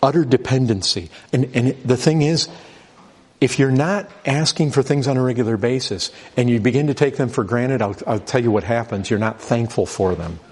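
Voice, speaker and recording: A man's voice: mid-range voice, normal speed, a little mellow, husky. A middle-aged man preaching a sermon in a conversational way, stumbling over restarts and repeated words, reading scripture aloud and building urgency. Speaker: pastor.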